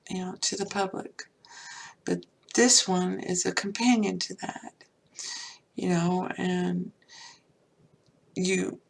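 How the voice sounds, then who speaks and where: Older woman with a gravelly, husky voice. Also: mid-range voice. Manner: rambling, heartfelt, many fillers. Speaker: podcast host. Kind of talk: personal spiritual talk.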